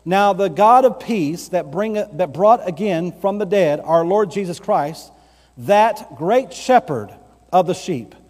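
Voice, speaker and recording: A man pastor delivering an emphatic sermon, slowing down to stress key phrases. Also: high voice, lively intonation, a little mellow, big-room sound.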